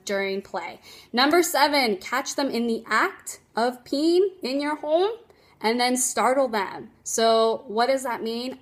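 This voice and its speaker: A woman with a slightly high voice talks as a dog trainer on a phone livestream. She is chatty and emphatic and laughs often as she gives casual tips.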